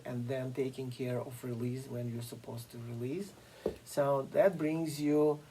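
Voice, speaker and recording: A piano teacher giving a masterclass lecture, explaining slowly and deliberately with frequent fillers and pauses. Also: mid-range voice, darkish tone, slight background noise, poor audio. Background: occasional piano playing.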